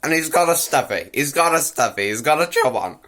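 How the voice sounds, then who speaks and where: Bright-voiced young man ranting crudely. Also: on the high side, very animated, brisk. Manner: crude, mocking, rambling with repeated phrases. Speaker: anime reviewer. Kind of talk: casual ranting recap.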